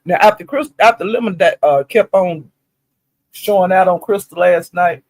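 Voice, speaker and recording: A man's voice: sits high, moderate pace, no room sound. A man telling gossip casually and with animation, full of profanity, often calling out "honey" and "child.". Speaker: commentator recapping online live-stream drama.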